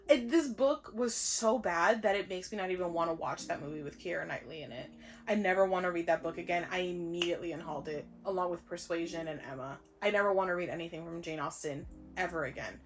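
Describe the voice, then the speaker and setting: A young woman talks through her reading in a relaxed vlog, her voice sitting low. She is blunt and sarcastic, and she swears freely. Soft music plays faintly behind her. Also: fast. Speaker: book vlogger. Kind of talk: casual book review chat.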